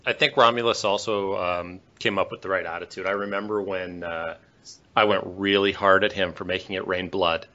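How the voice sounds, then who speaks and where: A man co-hosting a podcast, telling a story in a measured, thoughtful way. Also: sits low, steady tone, pushed and bright, lo-fi sound. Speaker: podcast co-host. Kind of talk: casual podcast chat.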